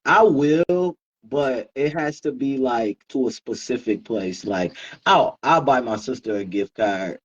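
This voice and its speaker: A man co-hosting a casual chat show, telling stories in a relaxed way with lots of fillers and laughs. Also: mid-range voice, a little slow, muffled recording. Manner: relaxed storytelling, laughs often, many fillers. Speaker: co-host.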